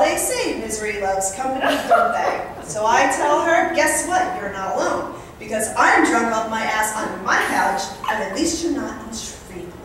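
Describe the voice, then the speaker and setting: A woman from New Jersey telling an animated comic monologue to a live audience at a charity event, often laughing and acting out other people's voices. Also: high-pitched. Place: banquet hall at a country club, live audience. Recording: echoey hall, mic from far off, noisy.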